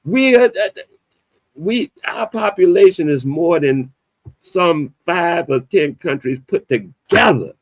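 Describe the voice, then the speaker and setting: Emphatic animated man, very dry sound. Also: on the high side, slow pace, no room sound. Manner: animated, emphatic, loose conversational delivery with a playful edge. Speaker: podcast host. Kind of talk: casual opinionated chat.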